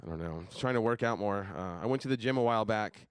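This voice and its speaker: Deadpan young male stand-up, smooth dry voice. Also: lowish voice, fast, dry recording. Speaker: stand-up comedian. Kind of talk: stand-up comedy set. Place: stage at a live comedy show.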